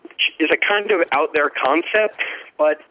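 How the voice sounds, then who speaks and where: Brief: male TV critic guest, brisk enthusiastic explainer, dry close sound. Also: fairly high pitch, sharp tone, no room sound, rough recording. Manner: quick, informed, enthusiastic explaining. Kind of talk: radio interview answers.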